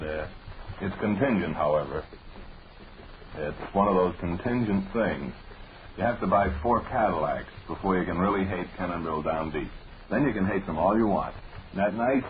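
Deep-voiced 1940s radio host, deadpan. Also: male voice. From Lowell, Massachusetts. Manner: dry, mock-earnest deadpan humor. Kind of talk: 1940s radio banter, reading listener mail. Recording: dull old 1940s radio broadcast with faint hiss.

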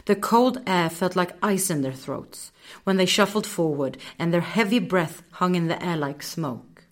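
A woman narrating a children's story in a gentle, measured way. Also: lowish voice.

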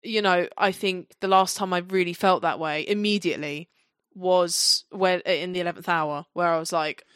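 A woman co-hosting a podcast, chatting casually in a gushing, excitable way and sometimes reading from her notes. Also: lowish voice, moderate pace, smooth, no echo, clean studio sound. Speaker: podcast co-host. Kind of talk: casual fan chat.

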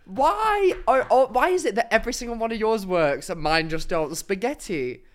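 Animated guy, indignant banter. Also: sits high, moderate pace. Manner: argumentative, indignant, swearing. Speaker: podcast co-host. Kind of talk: casual banter.

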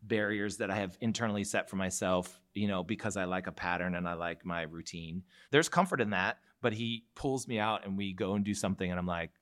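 A man from Seattle telling a personal story in a live podcast conversation, relaxed and quick to laugh. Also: low-pitched.

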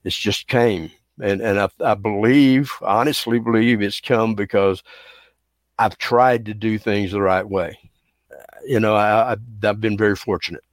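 A man's voice: on the low side, fairly even intonation, a little slow, no room sound. A man with a Texas Southern accent, a wrestling referee reflecting earnestly as a podcast guest. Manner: earnest, reflective, repeats words. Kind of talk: podcast interview.

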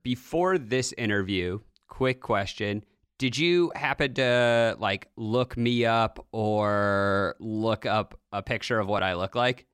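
A man hosting a podcast, reading a lively scripted intro and then joking casually with his guest. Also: fairly low pitch, slow pace, clean tone, no echo, studio quality. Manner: lively, jokey, self-mocking. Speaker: podcast host.

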